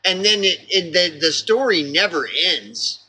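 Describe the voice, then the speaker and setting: Oklahoma man vlogging a rambling, exasperated rant; slightly high, tense and forceful. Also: animated, a little slow, slight background noise, rough recording. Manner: exasperated, profane, full of fillers and restarts.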